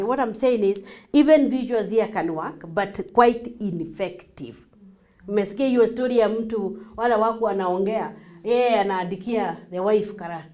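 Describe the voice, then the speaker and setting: A Kenyan woman coaches a class on marriage, her voice sitting at an ordinary middle pitch. She teaches with energy and acts out everyday examples in changing voices, moving easily between English and Swahili. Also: dark tone.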